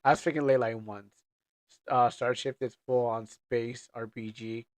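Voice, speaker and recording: A male streamer talking through a game in loose, casual chat. His voice sits at an ordinary middle pitch, and he rambles, stammers and doubles back on his words. The sound is close and dry, with no room around it. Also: fairly even intonation, unhurried, no room sound.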